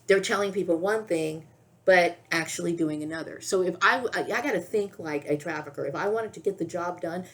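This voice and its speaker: Gravelly-voiced middle-aged woman ranting. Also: lowish voice. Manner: agitated, repetitive, keeps asking "okay?". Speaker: vlogger. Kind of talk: rambling direct-to-camera monologue.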